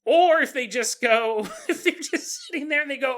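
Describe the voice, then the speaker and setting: A man's voice: very high voice, moderate pace, a bit bright. A man hosting a paranormal podcast, retelling a strange story with comedy, laughing often and slipping into mock voices for the people in it. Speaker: podcast host.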